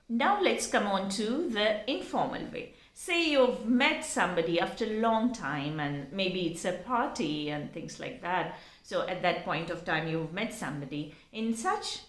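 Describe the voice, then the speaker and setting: A woman, teaching an online lesson in an expressive style and speaking directly to the viewer. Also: mid-range voice, reverberant. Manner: expressive, demonstrates intonation, addresses viewers directly. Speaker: English teacher.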